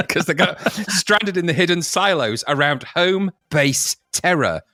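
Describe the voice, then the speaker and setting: A man co-hosting a podcast, reviewing old games in a casual, mocking way, quick to laugh. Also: a little high, expressive, sharp tone, a little hiss or hum. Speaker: podcast co-host. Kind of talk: casual retro gaming review chat.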